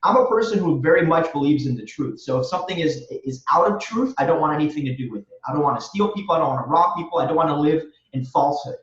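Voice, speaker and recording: A man's voice: on the high side, quick pace, hardly any pauses. Earnest man, distant roomy lo-fi sound. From Romania. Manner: earnest, motivational, repeats phrases for emphasis. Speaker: guest, real estate wholesaler. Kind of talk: podcast interview answer.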